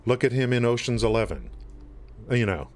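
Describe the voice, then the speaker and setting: Speaking at an ordinary pace, this man has a mid-range voice with lively intonation. He's hosting a live game stream, casually talking with chat and often restarting himself or dropping in fillers as he rambles.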